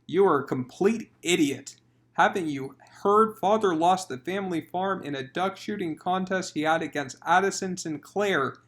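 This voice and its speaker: A man's voice: sits high, moderate pace, fairly bright tone. A man doing a bossy young heroine. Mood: outraged. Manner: emphatic, cheerleading. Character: young woman, eager and bossy.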